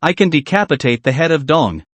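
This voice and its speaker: A man's voice: a little high, animated, brisk, a bit bright, dry recording. A man voicing a bold young officer who speaks in a brash, mocking way. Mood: defiant. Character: bold scheming young male officer, scornful.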